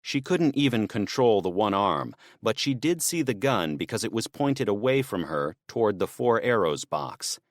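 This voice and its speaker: Reading scripted audiobook narration, a man keeps a steady, measured delivery in a fairly low voice. The sound is clean studio audio without echo.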